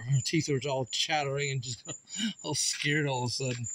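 Steady in tone and moderate in pace, his medium-pitched voice has a slightly bright quality. At home, partly outside in the yard, he vlogs casually, rambling to viewers and teasing his dog.

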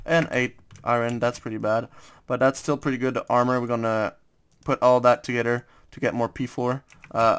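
A young man from France with a French accent, giving casual, hesitant gaming commentary full of fillers. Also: medium pitch. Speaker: gaming YouTuber.

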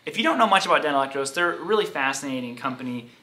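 A man's voice: mid-range voice, animated, rapid-fire, sharp tone. A man hosting a guitar channel, chatting casually to camera in a rambling, self-deprecating way. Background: electric guitar playing.

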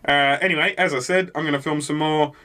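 A man's voice: on the high side, fairly even intonation, quick pace. Rambling, profane man. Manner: rambling, profane, lots of "like" and "you know what I mean". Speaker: reaction video host. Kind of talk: casual reaction chat. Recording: loud background noise.

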